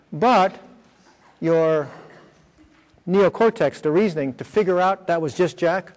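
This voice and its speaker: A man's voice: fairly high pitch, unhurried, pauses often, darkish tone. Man lecturing in an echoing hall. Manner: explains step by step, with many fillers and check-ins. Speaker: workshop presenter. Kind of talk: lecture with slides. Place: school room. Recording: long hall reverb.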